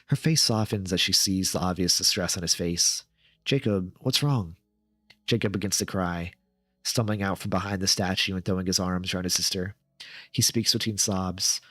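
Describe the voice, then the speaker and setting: Deep-voiced man reading horror stories. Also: a bit bright, dry recording. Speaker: horror story reader, streamer. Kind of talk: horror story narration.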